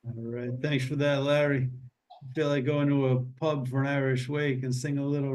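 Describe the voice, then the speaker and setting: A man hosting a memorial meeting over a video call, with an average pitch. His talk is loose and easygoing, with jokes and small detours as he invites others to speak. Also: normal speed. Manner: relaxed, joking, meandering. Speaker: meeting host. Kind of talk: casual memorial meeting chat.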